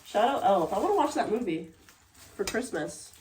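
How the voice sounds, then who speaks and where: A woman vlogs from a seaside cliff on a handheld phone, chatting playfully and addressing her dog along the way. Her mid-range voice is sing-song at a normal speed over a noisy background.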